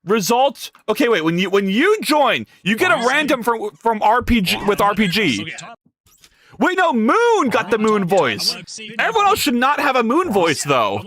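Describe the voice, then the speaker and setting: A man's voice: high voice, huge pitch swings, normal speed, a bit bright. A man streaming his game development live, talking to chat in a frantic, exclaiming way with a lot of swearing.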